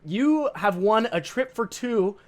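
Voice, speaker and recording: A woman's voice: mid-range voice, expressive, slow, pitched above the performer's own voice. Man doing a chirpy woman phone caller. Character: polite female raffle phone caller, chirpy.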